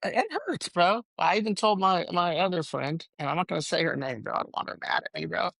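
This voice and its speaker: A man's voice: high-pitched, fairly quick, gravelly, fairly bright tone, dry recording. A middle-aged man hosting a solo podcast, ranting emotionally, swearing and saying "bro" in nearly every sentence as he rambles and restarts. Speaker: podcast host.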